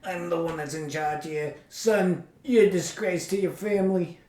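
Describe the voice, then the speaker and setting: A man's voice: sits high, normal speed, a little mellow, lightly acted. A man doing a drawling, sneering impression of a haughty female gang boss. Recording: roomy echo, a bit off-mic.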